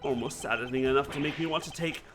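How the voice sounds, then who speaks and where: Brief: scheming older male prosecutor, condescending and mannered, dropped lower than the player's own voice. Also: quick pace, music in the background, close to an everyday voice. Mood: smug.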